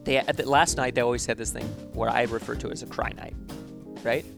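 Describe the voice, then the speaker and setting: A man's voice: medium pitch, fairly even intonation, a little fast, vocal fry, music in the background. A man speaking as a podcast guest, telling personal stories casually with self-deprecating humor and a frequent tag of "right?". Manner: repeats and restarts words while telling stories.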